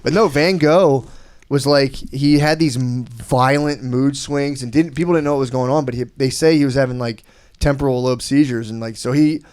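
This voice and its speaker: A man rambles through a long story as a podcast guest, swearing freely in loose casual chat. His pitch sits right in the middle for a man, and he drifts between half-muttered asides and louder bursts. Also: normal speed, clean tone. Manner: rambling, profane storytelling with frequent laughs.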